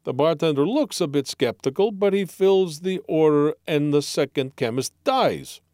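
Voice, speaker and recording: A man voicing a bald, bearded biochemist with a Russian accent, telling a joke in an animated way. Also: a little high, moderate pace, dry recording, clean studio sound, voice pushed up, natural voice. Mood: joking.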